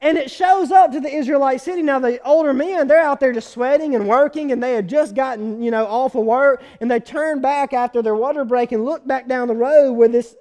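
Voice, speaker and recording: A man preaching a sermon, retelling a scripture story with animated energy and quizzing his listeners. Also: very high voice, fairly quick, hardly any pauses.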